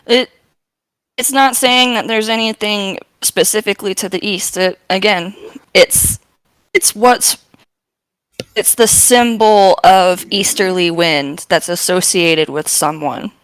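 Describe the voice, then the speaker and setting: A woman running a tabletop game as game master, narrating lore with many pauses and restarts. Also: medium pitch, clear, resonant tone, dry recording, poor audio. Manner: halting, lots of ums and restarts.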